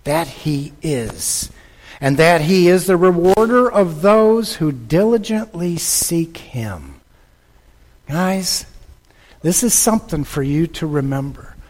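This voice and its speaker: A man preaching a sermon with passion, repeating phrases and swinging between loud bursts and hushed lines. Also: a little high, expressive, slow pace, in a large hall. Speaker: pastor.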